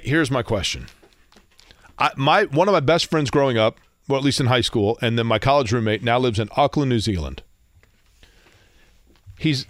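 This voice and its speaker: A man's voice: mid-range voice, no echo, clean studio sound. A man hosting a sports radio show, joking and rambling in casual banter, asking lots of questions.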